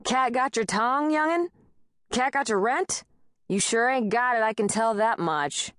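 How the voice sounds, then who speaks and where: A woman's voice: a little high, measured pace, fairly bright tone, no echo, studio quality, voice pushed up. A woman voicing a nosy, bullying old male landlord with a thick rural Southern accent who hollers and mocks. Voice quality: hollering, mocking.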